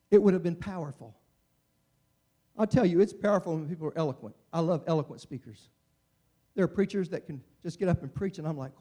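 Preacher, male, high-pitched voice, impassioned sermon delivery that swings from hushed to near-shouting.

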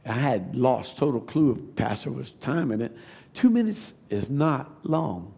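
A man, giving a testimony sermon that builds to fervent shouting. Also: medium pitch, sing-song, normal speed, gravelly, slightly rough. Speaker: preacher.

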